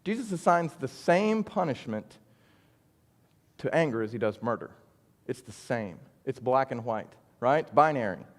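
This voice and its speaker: A man's voice: mid-range voice, lively intonation, normal speed, big-room sound. A man teaching an adult Bible study in a conversational, earnest way, often checking in with "right?". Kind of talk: church Bible study lesson.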